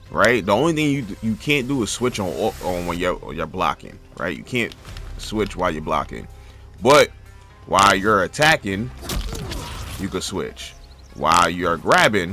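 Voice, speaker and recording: A man walks viewers through a fighting-game character in a loose, chatty commentary, often restarting and repeating himself. His voice sits low but sounds bright and forceful, with faint music playing beneath. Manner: loose, chatty and self-correcting, stumbles and repeats words. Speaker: gaming channel host. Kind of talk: casual game guide commentary.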